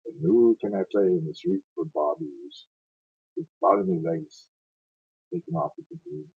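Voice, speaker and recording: A man voicing a plucky wounded young Scottish soldier piper, in a put-on Scottish accent, with a slow, earnest, halting delivery. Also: fairly low pitch, huge pitch swings, gravelly, breathy edge, phone-quality sound, voice pushed up, heavily acted. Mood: wry.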